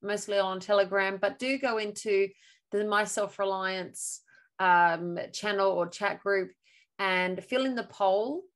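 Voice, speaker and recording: A woman's voice: mid-range voice, a little slow. A woman hosting an online video call, speaking in a chatty way with many fillers as she talks to her guest and the viewers. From Australia.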